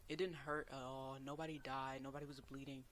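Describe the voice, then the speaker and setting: A young man earnestly telling a personal story as a vlogger, sometimes bursting out loud. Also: medium pitch, little pitch movement, a little fast, a little hiss or hum. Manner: earnest, emotional retelling with loud outbursts.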